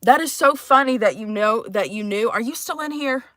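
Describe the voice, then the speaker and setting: A woman's voice: a little high, normal speed, a bit bright, no room sound, clean studio sound. Profane, rambling woman in her thirties. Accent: mixed, shifting accents. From Texas. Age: 30s. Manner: profane, rambling, sighing often. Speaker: livestreamer. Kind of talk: casual livestream chat.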